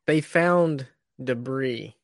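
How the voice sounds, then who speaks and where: A man joins a podcast over a remote call. He speaks hesitantly and often stumbles and restarts his sentences. His voice sits at an ordinary middle pitch. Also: drawn-out words, gravelly. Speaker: podcast co-host. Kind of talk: casual podcast chat.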